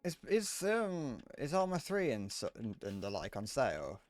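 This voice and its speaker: A man's voice: mid-range voice, wildly swooping pitch, moderate pace, no room sound, soft background music. A man in his twenties chatting casually to viewers while playing a game live, joking and swearing as he goes. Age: 20s. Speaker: streamer.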